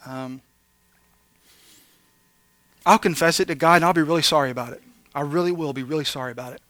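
A high-pitched man delivers a casual sermon, his voice sharp and bright. He shifts between playful, animated asides and earnest confession to the people listening. The sound is dry and close. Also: a little fast, no room sound. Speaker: pastor. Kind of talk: conversational sermon.

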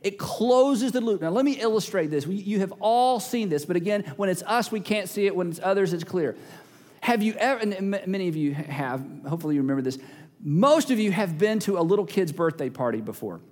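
A high-pitched man preaches in a large church hall, and his words ring out with a long reverb. He drives his points home by repeating key phrases. Now and then he slips into small acted-out scenes. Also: expressive, fairly quick, a little mellow. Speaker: pastor. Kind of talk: sermon.

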